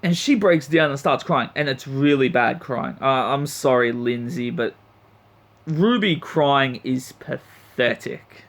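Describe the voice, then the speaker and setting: A man's voice: mid-range voice, slow, a bit bright. A man reviewing an anime episode in a blunt, profane, heated rant. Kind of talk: ranting review vlog.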